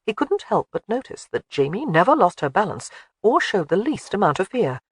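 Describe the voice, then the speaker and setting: Expressive audiobook narrator. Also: medium pitch, moderate pace, husky, dry recording, clean studio sound. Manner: expressive storytelling. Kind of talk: scripted narration of a historical romance.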